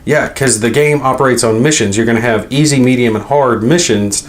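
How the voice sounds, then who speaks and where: Speaking fairly quickly in a mid-range voice, a male board game channel host unboxes a game. He chats casually and rambles, thinking out loud while handling the contents.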